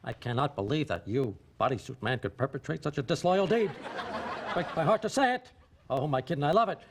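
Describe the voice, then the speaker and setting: George Steinbrenner, rambling blustery boss. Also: male voice, fairly high pitch, expressive, fairly quick, slight background noise. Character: rambling blustery male baseball team owner, boss. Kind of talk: sitcom acting.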